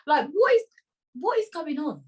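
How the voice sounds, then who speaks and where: A woman's voice: sits high, normal speed. Chatty young woman hosting a podcast. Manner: chatty, expressive, reads letters aloud. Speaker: podcast host. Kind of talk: casual podcast chat, reading listener letters.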